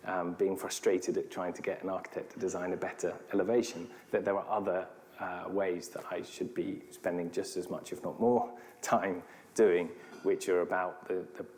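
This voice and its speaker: A man, an architect with a British accent, answering audience questions in a thoughtful, measured way with some hesitations. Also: deep voice, level tone, darkish tone. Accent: British English. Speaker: city architect, guest speaker.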